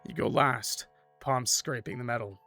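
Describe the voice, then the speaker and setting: Bright-voiced man streaming a game. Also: medium pitch, moderate pace, creaky, soft background music. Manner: casual, laid-back, lots of "like" and "bro". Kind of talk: let's play, reading game text with commentary.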